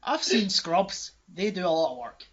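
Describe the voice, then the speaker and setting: Male podcast host, higher-pitched, rambling and self-mocking, dull lo-fi audio. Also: sing-song, moderate pace, a bit bright, slightly rough. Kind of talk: casual chat. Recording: dull lo-fi sound.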